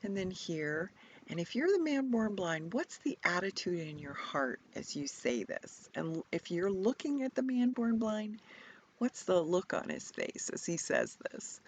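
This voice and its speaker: Slow, reflective woman guiding contemplation. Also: fairly low pitch, big pitch swings, highs cut off, a little hiss or hum. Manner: slow, reflective, prompting questions, at times whispered. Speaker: retreat leader guiding contemplation. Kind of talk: guided imaginative Bible contemplation.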